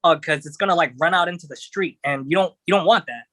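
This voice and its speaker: A man's voice: fairly high pitch, quick pace, fairly bright tone, no echo. A man talking as a podcast guest, telling a story casually with many fillers and restarts. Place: podcast studio.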